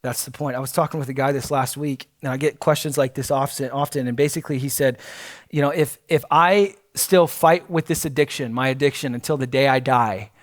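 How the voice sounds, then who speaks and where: A man's voice: medium pitch, a little fast, no echo, clean studio sound. A man preaching a sermon as pastor, earnest and blunt, with frequent fillers and restarts.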